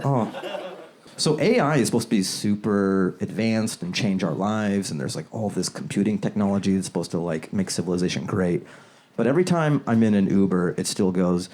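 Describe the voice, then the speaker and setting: A man from the Seattle area doing stand-up, loose and chuckling, slipping into quick character voices. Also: low voice, animated, darkish tone. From Seattle area, USA. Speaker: stand-up comedian. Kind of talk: stand-up set, working on new material. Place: comedy club with a laughing audience. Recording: live club audience audible.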